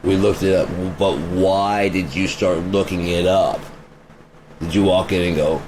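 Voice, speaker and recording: Deep-voiced male vlogger, crude and blunt, ranting from a car with road hum behind him. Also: a little slow, rough recording. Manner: profane, blunt, fires off rhetorical questions. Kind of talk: rambling opinion rant. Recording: steady vehicle road noise behind voice.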